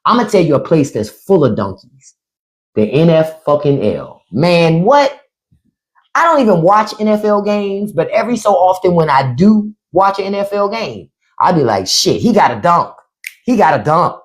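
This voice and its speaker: Woman, live-stream host, bawdy casual chat, swooping lively pitch. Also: normal speed. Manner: loud, playful, swearing, jumps between high and low voice. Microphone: phone or desk mic on a live stream.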